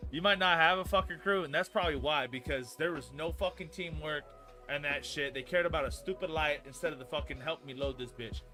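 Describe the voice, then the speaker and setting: A man in his thirties tells a rambling, swear-filled work story on a live stream, circling back with fillers as he goes. His fairly high, bright, forceful voice moves a little fast and turns hot and loud at the angry parts, while faint music plays underneath.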